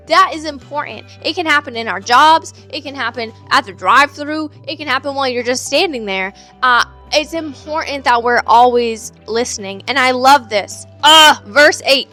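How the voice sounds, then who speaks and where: A woman's voice: on the high side, sharp tone. A woman giving a casual, earnest devotional Bible teaching in a conversational way, with many filler words. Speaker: devotional speaker.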